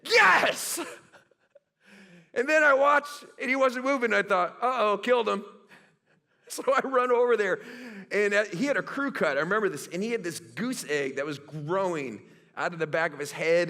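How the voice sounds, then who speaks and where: A middle-aged man preaching from the pulpit, spinning stories with lively, self-mocking humor. His voice is bright and ringing, and it sits somewhat high for a man. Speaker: pastor. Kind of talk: sermon.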